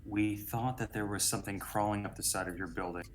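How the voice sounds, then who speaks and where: A man's voice: on the low side, steady tone, a little fast, slight background noise. A man playing in a tabletop game, earnestly explaining his character's actions. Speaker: player. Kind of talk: casual tabletop role-play.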